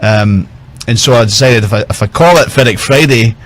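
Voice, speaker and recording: A man's voice: mid-range voice, brisk, slight background noise. A man, a whisky brand ambassador, telling chatty, self-mocking stories in casual talk. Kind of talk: casual storytelling.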